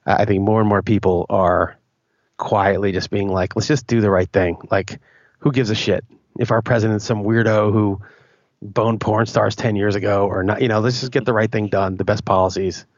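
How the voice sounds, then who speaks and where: A man's voice: lowish voice, level tone, normal speed, no room sound, highs cut off. A man co-hosting a podcast, talking bluntly and casually with swearing and frequent restarts. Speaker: podcast co-host. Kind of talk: casual opinionated chat.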